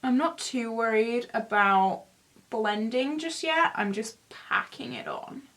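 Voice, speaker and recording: A woman's voice: on the high side, very animated, slow pace, a bit bright. A young woman in her twenties chatting in a rambling, self-mocking way while doing her makeup for a beauty vlog. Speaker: beauty vlogger. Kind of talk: casual get-ready-with-me chat.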